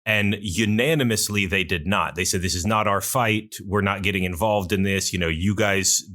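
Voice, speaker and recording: A man hosting an interview podcast, speaking in a measured way as he sums up the story and asks questions. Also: low-pitched, fairly even intonation, sharp tone. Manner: measured, summarizing and asking questions. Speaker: podcast host.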